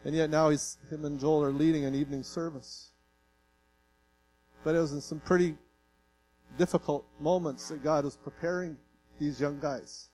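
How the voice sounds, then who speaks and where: A man's voice: on the high side, fairly even intonation, moderate pace, long pauses, a little mellow, poor audio. A male pastor from Canada preaching a sermon in an earnest, folksy way, mixing plain stories with light self-deprecating jokes and growing emotional.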